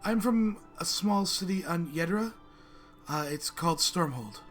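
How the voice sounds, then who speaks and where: A man's voice: on the high side, expressive, unhurried, a bit bright, faint music behind. A man voicing a foreign woman trader with a heavy, unfamiliar accent. She speaks earnestly and a little apologetically in a tabletop game.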